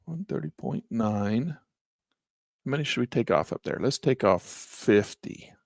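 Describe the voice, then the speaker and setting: A man's voice: medium pitch, lively intonation, measured pace, gravelly, darkish tone, no echo, clean studio sound. A man casually talking viewers through a live trading lesson, thinking aloud as he clicks through charts and chatting to his viewers. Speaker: trading instructor.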